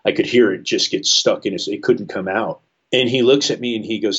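Husky teacher telling a classroom story. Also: male voice, fairly low pitch, brisk, highs cut off. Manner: animated, many fillers like you know. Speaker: high school English teacher. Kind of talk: storytelling in a conversational interview. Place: works at a school in Colorado.

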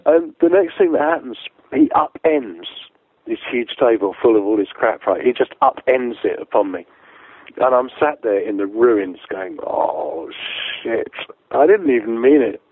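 A man's voice: medium pitch, very animated, measured pace, breathy edge, dry recording, phone-quality sound. A man telling a long, profane tour story in a casual way, laughing often and acting out what other people said. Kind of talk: casual anecdote, sweary storytelling.

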